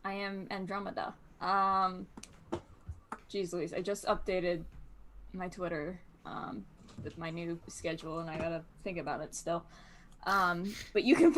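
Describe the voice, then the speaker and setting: A woman's voice: lowish voice, a bit bright. Chatty woman signing off a game stream. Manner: chatty, swearing, self-deprecating, fillers. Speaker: tabletop game player. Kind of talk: casual sign-off chat. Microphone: mic on a voice call.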